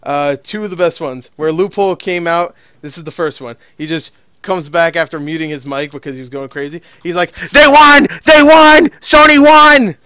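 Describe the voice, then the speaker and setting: A man's voice: on the high side, fairly quick, fairly bright tone, clean tone. A man hosting a podcast in casual chat, rambling, laughing often and swearing freely. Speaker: podcast host.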